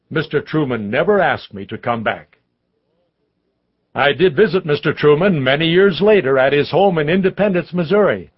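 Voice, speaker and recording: Male audiobook narrator, mid-pitched, measured first-person memoir read, muffled recording.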